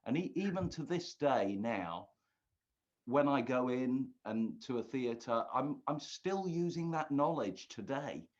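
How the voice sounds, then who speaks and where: A man's voice: mid-range voice, lively intonation, takes it slowly. Earnest man reminiscing, lo-fi. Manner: earnest, reflective storytelling. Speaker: guest magician recalling touring. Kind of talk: casual reminiscing chat. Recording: dull lo-fi sound.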